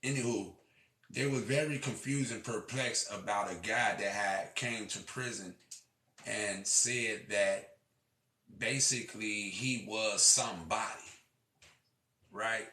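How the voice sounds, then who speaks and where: A man delivering an impassioned, profane monologue that swings between shouting and quiet, restarting words as he goes. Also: fairly low pitch, slow. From Illinois. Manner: profane, repeats himself. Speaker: storyteller. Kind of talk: preaching monologue. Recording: echoey room, far from mic.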